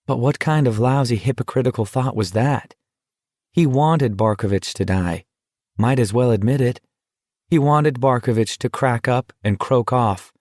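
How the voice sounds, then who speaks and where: A man reading an audiobook as narrator in a measured, tense dramatic style. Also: mid-range voice, darkish tone, no room sound, studio quality. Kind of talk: scripted narration.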